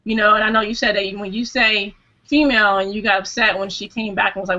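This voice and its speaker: A woman's voice: mid-range voice, fairly even intonation, fast, pushed and bright. A woman speaking earnestly in a casual group discussion as a hangout guest, full of "you know"s and restarts. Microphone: video call microphone. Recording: dull lo-fi video call audio.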